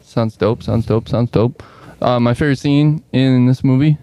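Young man, mellow voice, slangy and relaxed, casual chat. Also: medium pitch, normal speed. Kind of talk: casual chat about movies.

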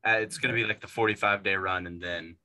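A man's voice: lowish voice, steady tone, fast talker, bright, forceful tone. A man co-hosting a casual movie podcast, rambling with lots of fillers and restarts. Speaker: podcast co-host.

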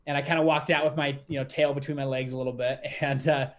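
A young man in his twenties, a podcast guest telling his story in a lively, quick, laughing way. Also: medium pitch. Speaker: podcast guest, fund manager. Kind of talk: casual storytelling interview.

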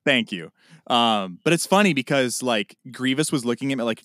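A man co-hosting a podcast in casual chat, telling stories with loud acted-out outbursts. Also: mid-range voice, expressive, moderate pace, no echo, studio quality. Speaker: podcast co-host.

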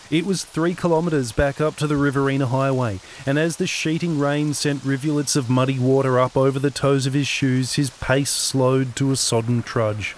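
A man narrating his own novel-length audio story in a steady, scripted reading. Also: medium pitch, slight background noise. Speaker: narrator and author.

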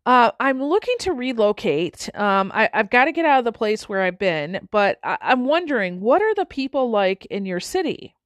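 A woman's voice: a little high, sing-song, normal speed, hardly any pauses, dry recording. A woman voicing a chatty, restless young man in a spoken parable. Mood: complaining. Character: young man looking to relocate.

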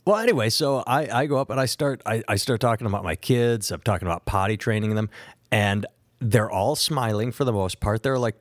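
A man's voice: fairly low pitch, a little fast, dry recording, clean studio sound. A man in his thirties, a comedian hosting a podcast, telling a story casually and acting out both sides of each conversation. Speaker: podcast host and stand-up comedian.

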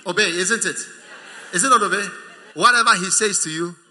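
A man with a Ghanaian accent preaching a sermon, animated, teasing and emphatic. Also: high voice, brisk. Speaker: pastor.

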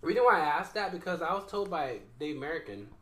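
A man who does stand-up, co-hosting a podcast with lively, laughing talk and casual cursing. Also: fairly high pitch, fast talker, reverberant, far from the mic, very noisy. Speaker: podcast co-host, stand-up comic.

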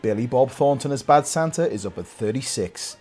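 Male co-host, mellow, jokey, lively pitch. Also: fairly quick. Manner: chirpy, jokey, laughs easily. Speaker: co-host of a film countdown show. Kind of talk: casual countdown banter.

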